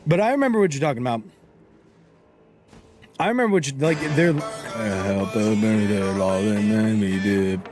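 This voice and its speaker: A young man chats loosely with his live-stream audience while he plays, his pitch jumping up and down as he rambles. He trails off mid-thought, restarts, and laughs a lot, with hiccups catching his voice. Faint music runs underneath. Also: lively intonation, moderate pace, long pauses. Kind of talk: casual live-stream chat while gaming.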